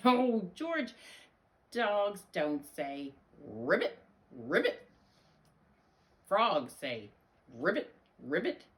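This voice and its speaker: A woman reads the part of a patient storybook dog owner, correcting her pet slowly and with emphasis. Her voice rises and falls widely and she takes her time over each word. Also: lowish voice, big pitch swings, heavily acted. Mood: patiently correcting. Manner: slow, emphatic teaching tone, drawn-out words.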